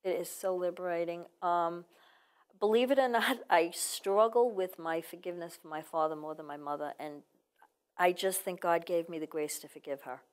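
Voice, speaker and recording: Female author guest, slightly low voice, earnest and reflective, personal storytelling. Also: moderate pace, smooth. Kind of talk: casual interview.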